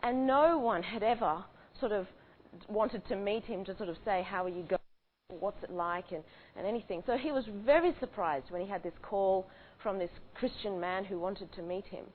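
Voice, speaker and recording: A woman's voice: medium pitch, normal speed. A woman retelling a true story in a conversational way, often restarting her sentences. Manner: conversational with frequent restarts and fillers. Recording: tinny phone-like audio with faint hiss.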